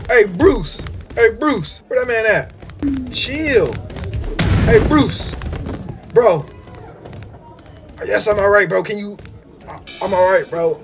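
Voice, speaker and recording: A man giving casual, excitable game commentary, full of slang and trash talk aimed at the characters on screen. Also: sits high, slow pace, long pauses, soft background music. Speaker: gaming YouTuber.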